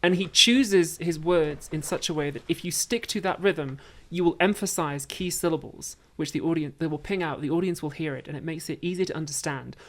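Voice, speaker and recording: A woman with a low-pitched voice chatting as a guest on a talk show. She talks in an animated, enthusiastic way, building energy as she explains a point. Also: brisk, hardly any pauses. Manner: animated, enthusiastic about theatre. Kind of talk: casual chat.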